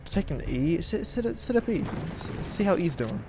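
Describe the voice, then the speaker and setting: A young man commentating his own online shooter game in a casual, excitable, rambling way, taunting other players. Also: high voice, normal speed, music in the background. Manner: excitable, trash-talking, rambling. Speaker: gaming YouTuber.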